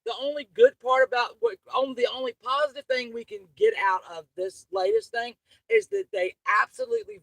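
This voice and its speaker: A woman's voice: a little high, no echo, poor audio. A woman, hosting her channel with an angry, profane, rambling livestream rant. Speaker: channel host.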